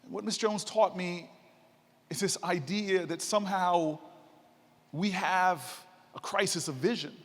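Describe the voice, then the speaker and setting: A senator giving a keynote speech, telling stories and building to rousing emphasis. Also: male voice, high-pitched, fairly even intonation, unhurried, a bit bright. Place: large convention hall. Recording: reverberant hall.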